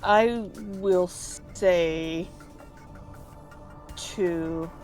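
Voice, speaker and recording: A woman's voice: on the low side, extremely slow, a little mellow, soft background music. A woman playing in a tabletop game, talking hesitantly with many fillers. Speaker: player.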